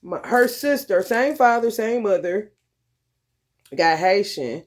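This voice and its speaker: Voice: medium pitch, expressive, slow. A vlogger talking in a loose, profane monologue, laughing often and calling listeners honey and baby. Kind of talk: casual monologue.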